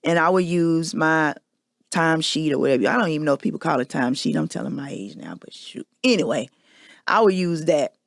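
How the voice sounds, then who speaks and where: A woman's voice: low voice, brisk, vocal fry, no room sound, clean studio sound. A woman hosting a podcast, telling a personal confession in a candid, emphatic storytelling manner. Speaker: podcast host.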